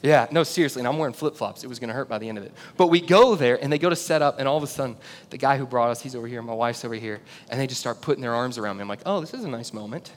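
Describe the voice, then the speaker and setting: A male pastor giving a sermon, telling a story with big swings from loud shouts to low, quiet emphasis. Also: rapid-fire, few pauses. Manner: animated storytelling, builds to shouts then drops low and intimate. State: out of breath. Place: church auditorium. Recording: long hall reverb, faint rumble.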